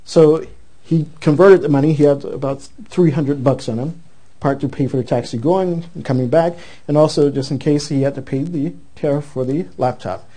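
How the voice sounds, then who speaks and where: Male preacher, high and warm-toned, animated storyteller mid-sermon. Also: normal speed. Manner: animated storyteller, acts out the quoted voices.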